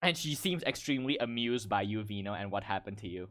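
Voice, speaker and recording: A man's voice: fairly low pitch, expressive, fast talker, fairly bright tone. A man narrating a tabletop game as game master, in a casual, rambling way with many fillers.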